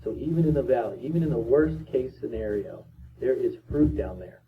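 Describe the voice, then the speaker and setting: A middle-aged man giving a motivational talk, telling a story with emphatic swings between loud and quiet. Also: medium pitch, animated, fairly quick. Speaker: motivational speaker. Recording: tinny distant sound with faint ambient noise.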